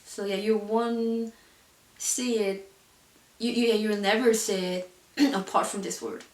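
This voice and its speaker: A woman's voice: medium pitch, fairly even intonation, unhurried, far from the mic. A woman teacher giving an online pronunciation lesson, explaining patiently with frequent "so yeah" fillers. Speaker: language teacher. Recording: roomy echo, voice set back from the mic.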